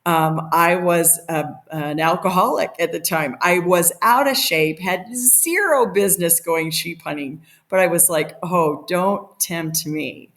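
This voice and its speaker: A middle-aged woman telling a story as a podcast guest, animated and laughing, acting out the quotes. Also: fairly low pitch, a little slow, few pauses. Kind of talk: casual storytelling.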